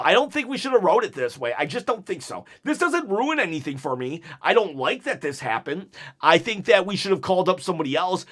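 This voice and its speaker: A man giving a casual, opinionated wrestling review, chatty, with quick asides and frequent restarts. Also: sits high, fairly bright tone.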